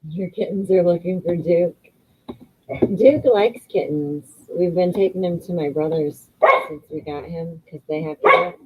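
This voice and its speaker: A middle-aged woman co-hosting a casual live stream, chiming in with short, relaxed remarks. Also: fairly low pitch, measured pace. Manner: brief, relaxed interjections. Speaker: livestream co-host. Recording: dull lo-fi sound with noise.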